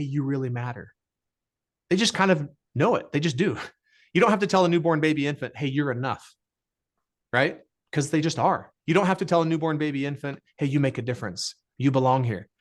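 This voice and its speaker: A middle-aged man speaking as a podcast guest in an earnest, emphatic way, repeating phrases for effect. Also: on the high side. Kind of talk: motivational interview talk.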